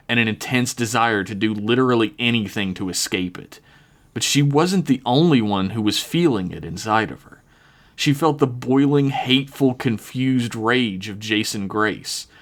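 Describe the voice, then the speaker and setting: A man narrating a tabletop role-playing game in a dramatic style, swearing and laughing now and then. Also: lowish voice. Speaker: game master.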